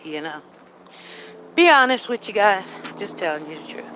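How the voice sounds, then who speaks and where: A woman's voice: medium pitch, lively intonation, normal speed, fairly bright tone, slight background noise. A woman hosting a live stream, talking candidly and repeating herself as she walks outdoors through a neighborhood. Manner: candid, repetitive, reads chat comments aloud. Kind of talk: casual chat while walking.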